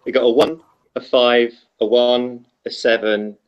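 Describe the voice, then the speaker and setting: A man's voice: medium pitch, level tone, a little slow, smooth. A man playing in a tabletop role-playing game, counting dice in a plain, matter-of-fact way. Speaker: player. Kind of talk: casual tabletop play. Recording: dull lo-fi sound.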